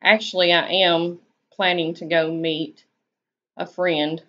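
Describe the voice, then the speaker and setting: A woman's voice: on the low side, flat delivery, takes it slowly, fairly bright tone. A woman with a Southern US accent, chatting casually on her live stream and answering viewers' comments in a laid-back, drawling way. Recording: dull lo-fi stream audio.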